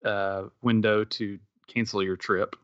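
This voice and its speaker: Middle-aged male co-host, lowish voice, thinks aloud, dry muffled mic. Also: flat delivery, slow pace, clean tone, no room sound. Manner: thinks aloud, restarts and hedges. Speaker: podcast co-host. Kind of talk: casual chat.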